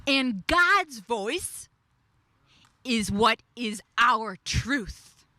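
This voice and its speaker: A woman preaching in a high, bright voice, leaning hard on her words and repeating key lines. She takes her time and lets each declaration sit. The sound is dry and close, with little room around it. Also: lively intonation, no room sound. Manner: emphatic, repeats key phrases, slows on declarations. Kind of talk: devotional sermon.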